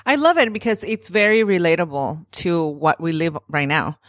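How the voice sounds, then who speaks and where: A woman's voice: lowish voice, normal speed, dry recording, clean studio sound. A woman hosting a casual podcast interview, chatty and leaning on "like" as she talks. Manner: chatty, leans on "like". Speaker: podcast host.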